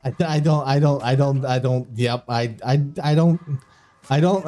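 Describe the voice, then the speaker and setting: A man's voice: mid-range voice, fairly even intonation, a little slow, warm tone, a little hiss or hum. A man streaming live video game commentary on a community tournament, often breaking into giggling fits and tripping over his words. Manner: trips over his words and restarts when flustered.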